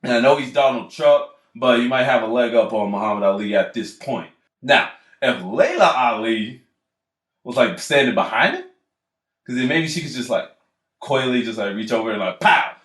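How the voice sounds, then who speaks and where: A man co-hosting a casual podcast tells rambling, profane stories and laughs often. His medium-pitched voice has lively intonation, a moderate pace, and a fairly bright tone, recorded in an echoey room.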